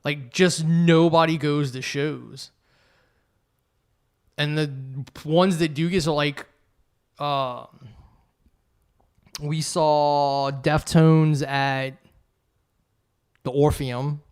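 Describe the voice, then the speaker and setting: A man's voice: fairly high pitch, fairly even intonation, very slow, pauses often, a little mellow, clear, resonant tone. A man co-hosting a podcast, chatting casually with loose, rambling talk and a lot of swearing. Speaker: podcast co-host. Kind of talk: casual chat.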